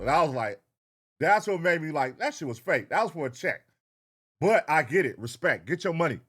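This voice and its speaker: A man's voice: a little high, sing-song, a little fast, a bit bright, breathy edge. A man hosting a reaction video, riffing in a casual, profane, slangy way. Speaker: reaction channel host.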